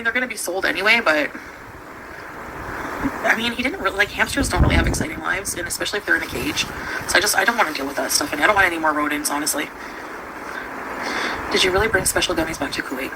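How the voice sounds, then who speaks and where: A young woman, chatting on a home livestream in a rambling way with many fillers and quick laughs. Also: on the low side. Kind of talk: casual livestream chat. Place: at home with her pets. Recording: noisy home stream recording.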